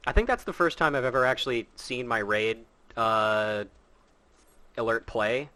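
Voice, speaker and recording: A man's voice: mid-range voice, unhurried, sharp tone. A man hosting a casual game stream, teasing his co-reader with wisecracks. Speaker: stream host.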